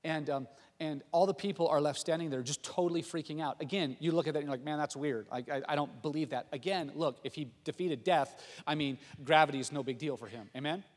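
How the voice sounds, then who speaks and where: A pastor delivers his sermon in a high, lively man's voice, slipping into the voices of the people in his stories. His words ring out with a long reverb from a large hall. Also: quick pace. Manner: animated storytelling, acting out quotes.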